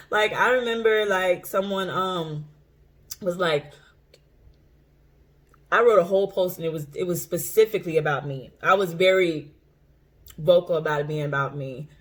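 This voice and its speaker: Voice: mid-range voice, measured pace, long pauses, fairly bright tone. An intuitive coach talking casually to camera, blunt and profane, repeating phrases for emphasis and laughing often. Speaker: intuitive coach and tarot reader. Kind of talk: casual unscripted monologue to camera.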